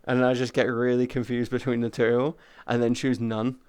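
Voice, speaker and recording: A man's voice: mid-range voice, level tone, normal speed, darkish tone, clean tone, no echo. A man livestreaming in VR, chatting casually with viewers in crude, profane, joking banter. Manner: greets and thanks chat viewers.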